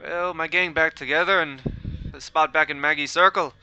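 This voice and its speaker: A man's voice: a little high, steady tone, normal speed, sharp tone, highs cut off, slight background noise, pitched above the performer's own voice. A man voicing a sly, jokey male outlaw gang boss in a put-on British or Irish accent, smug and teasing as he bargains. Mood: smug bargaining.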